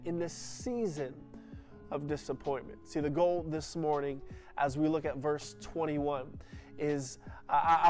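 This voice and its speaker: A man's voice: fairly high pitch, darkish tone. Emphatic male pastor preaching. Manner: emphatic, with many repeated restarts. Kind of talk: sermon.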